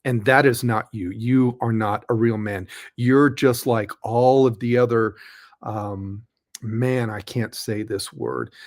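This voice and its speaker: A pastor speaks slowly and deliberately, leaning on each word as he scolds. His voice sits in a plain middle register. His commentary is blunt, aimed straight at the viewer. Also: mid-range voice. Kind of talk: commentary on a played interview.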